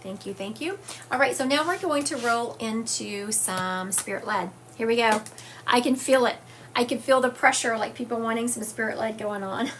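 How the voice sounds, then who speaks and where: A woman's voice: fairly high pitch, normal speed, a bit bright, a little hiss or hum. Chatty woman hosting a livestream. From US South. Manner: chatty, reads viewer comments aloud, frequent fillers. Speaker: psychic medium livestream host. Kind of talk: casual livestream chat. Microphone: phone or webcam livestream.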